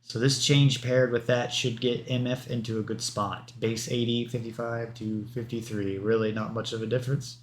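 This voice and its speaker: A man's voice: medium pitch, little pitch movement, moderate pace, hardly any pauses, slight background noise. Male streamer, casual and rambling; reads stat lists aloud, breaks off for asides. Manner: rambling, rattles off number lists with offhand asides. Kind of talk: livestream commentary reading patch notes.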